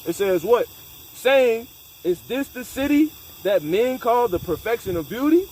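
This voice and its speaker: A man's voice: extremely high pitch, animated, unhurried, a little mellow, a little hiss or hum, poor audio. A man leading a casual scripture discussion, emphatic and profane, mixing street slang with Bible reading. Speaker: scripture study leader.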